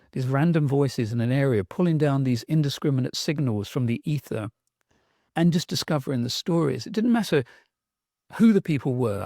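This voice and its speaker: A middle-aged man with a South London accent talks in a mellow, warm voice. He tells his stories with enthusiasm, thinks aloud and restarts his sentences as he goes. The sound is close and dry. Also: medium pitch, no room sound. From England. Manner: enthusiastic, reflective storyteller with restarts. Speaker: guest, sound artist. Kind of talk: conversational podcast interview.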